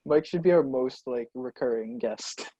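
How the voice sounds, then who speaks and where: A young man with a husky voice co-hosts a casual podcast, laughing often and quick to chime in. His pitch sits in the middle range. The recording is dull and lo-fi, with a dry, close sound. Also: mellow, dry recording. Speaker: podcast co-host. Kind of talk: casual chat.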